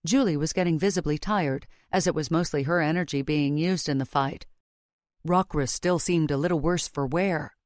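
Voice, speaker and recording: A woman narrating a fantasy audiobook in the first person with a steady, measured reading. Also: sits low, no room sound, clean studio sound.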